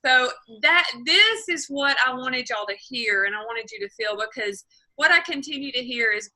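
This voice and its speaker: Lady running a zoom team call, super bright sharp voice, a bit high, keeps encouraging folks. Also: animated, moderate pace, low-quality recording. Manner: encouraging, repeats herself, quotes others. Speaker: team leader hosting the call. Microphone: video call.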